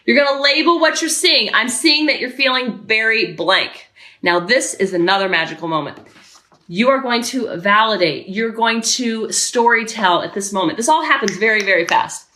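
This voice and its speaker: A middle-aged woman hosting a parenting podcast, talking with emphatic energy and circling back to her key phrases. Her voice sits a little high and has a bright, forceful ring. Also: lively intonation, moderate pace, reverberant. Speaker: parenting coach and podcast host. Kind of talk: podcast coaching talk.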